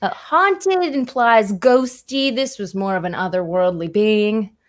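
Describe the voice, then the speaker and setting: A woman's voice: medium pitch, a little slow. A woman narrating a tabletop horror game as game master, chatty with many fillers.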